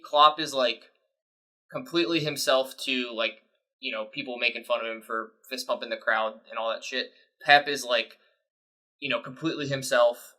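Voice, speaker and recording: A man's voice: mid-range voice, pushed and bright, low-quality recording. A man co-hosting a sports podcast, giving rambling, opinionated takes in casual chat. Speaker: podcast co-host.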